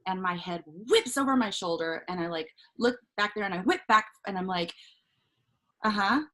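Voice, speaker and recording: A middle-aged woman from Southern California, a life coach guest on an interview show, telling a personal story in an animated, casual way, laughing often and acting out what others said. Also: medium pitch, a little fast, very noisy.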